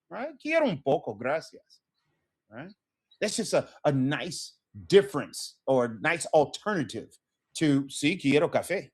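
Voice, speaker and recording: A man's voice: fairly high pitch, big pitch swings, measured pace, husky. A middle-aged man teaching an online Spanish lesson, repeating phrases with rising emphasis.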